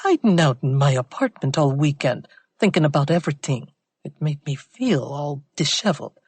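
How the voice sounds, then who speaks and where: Woman putting on a Jamaican accent, throaty, mocking, low, dry audiobook sound. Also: lively intonation, moderate pace, a little mellow, husky, dry recording, full character voice. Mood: uneasy. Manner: mocking, taunting, calls others girlfriend.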